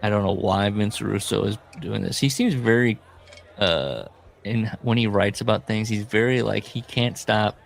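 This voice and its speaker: Podcast co-host, man, low gravelly voice, rambling storyteller. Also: steady tone, normal speed. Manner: rambling, storytelling, laughs often. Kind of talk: casual comedic chat.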